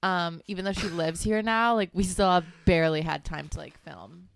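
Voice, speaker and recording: A woman's voice: fairly low pitch, normal speed, gravelly, smooth. A young woman from Appalachia co-hosting a casual podcast chat, giggly and full of "like". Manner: giggly, heavy use of "like". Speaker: podcast co-host.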